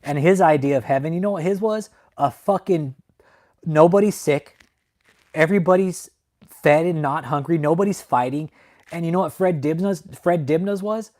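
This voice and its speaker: A man's voice: on the high side, moderate pace, darkish tone. A young man hosting a casual livestream, rambling and emotional, swearing heavily and ending his sentences with "man". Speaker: channel host. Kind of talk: casual livestream talk to viewers.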